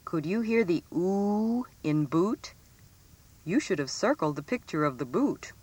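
A woman reading a scripted phonics lesson for children, stressing each example word clearly. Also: lowish voice, expressive, a little mellow. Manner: slow, clearly enunciated, sing-song emphasis on example words. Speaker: teacher.

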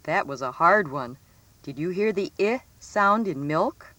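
Woman teacher, deep-set voice, lively rising and falling delivery, reads a children's phonics lesson slowly and clearly. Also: dry recording. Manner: slow, clearly enunciated, sing-song emphasis on example words.

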